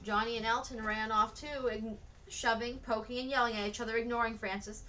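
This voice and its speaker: A woman reads a children's novel aloud at a steady pace. Her voice is bright and sits a little high. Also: brisk, a little hiss or hum, rough recording. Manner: steady storybook reading. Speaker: read-aloud narrator.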